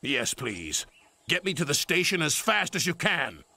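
A man's voice: fairly high pitch, big pitch swings, measured pace, pushed and bright, dry recording, voice pushed up, heavily acted. A man doing a fussy proper railway boss. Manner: fussy, exasperated.

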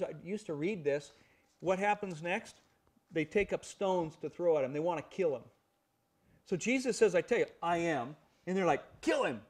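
A man's voice: high voice, a little mellow. A man teaching a Bible study. He explains the passages, reads scripture aloud and asks rhetorical questions.

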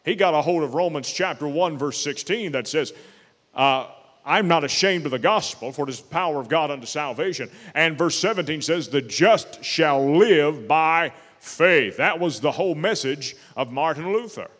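A man preaching a sermon as pastor, emphatic and slowing down to stress key words. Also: a little high, expressive, fairly bright tone, in a large hall. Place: church sanctuary.

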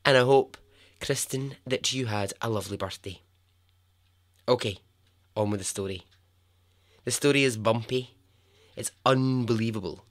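A man's voice: mid-range voice, moderate pace, long pauses. A Scottish man hosting a podcast, telling a true story in a playful, chatty way and laughing often at his own jokes. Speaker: podcast host. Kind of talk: casual storytelling.

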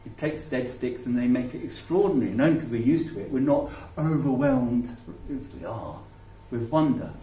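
A man preaching a sermon and leading a prayer, reflective and halting, often restarting his sentences. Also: mid-range voice, expressive, dark tone. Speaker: pastor. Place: church hall. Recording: echoey hall from far off, faint noise.

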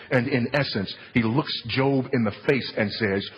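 A man's voice: medium pitch, a little slow, hardly any pauses, in a large hall, highs cut off. A man preaching a sermon in an emphatic, repetitive style, driving points home with solemn, falling stresses.

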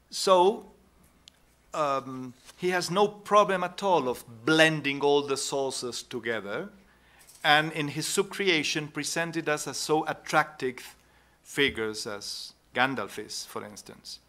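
Slow, bright-toned male lecturer. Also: on the high side. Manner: unhurried, pauses with "no?" tags and restarts. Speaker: conference speaker. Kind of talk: academic conference talk.

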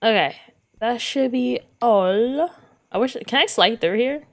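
A woman's voice: a little high, lively intonation, measured pace, gravelly, slight background noise. A woman giving let's play commentary on a game, giggly, often breaking into laughter and exclaiming in disgust. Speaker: gaming video creator.

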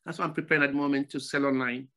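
An older man from Nigeria, a former footballer, telling stories as a podcast guest in a relaxed chat, often repeating his phrases. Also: mid-range voice, rapid-fire, over a noisy crowd. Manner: repeats phrases, animated storytelling. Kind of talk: casual storytelling interview.

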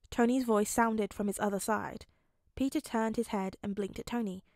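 A woman's voice: mid-range voice, fairly even intonation, moderate pace, a little mellow, no echo, studio quality. Woman reading a fan fiction audiobook. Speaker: podfic reader.

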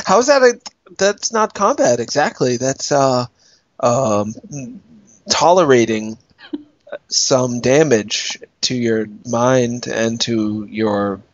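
A man's voice: mid-range voice, expressive, extremely slow, pauses often, dry recording, muffled recording. A man co-hosting a podcast, chatting casually with dry questions. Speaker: podcast co-host.

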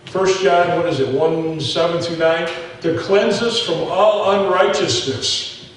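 A man's voice: a little high, slow pace, very echoey, recorded from a distance, slight background noise, poor audio. A man preaching a sermon as pastor, telling stories in a folksy way and talking straight to his folks in the pews. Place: church sanctuary.

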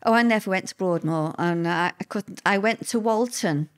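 A woman's voice: medium pitch, normal speed. Woman telling her story. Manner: conversational, repeats words, lively quoted voices. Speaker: interview guest. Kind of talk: personal storytelling in an interview.

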